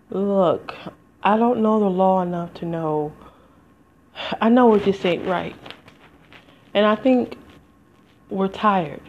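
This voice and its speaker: A woman's voice: medium pitch, a little hiss or hum. A woman speaking in a heartfelt, rambling solo podcast monologue straight to her listeners. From United States. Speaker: podcast host. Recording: slightly dull lo-fi home recording.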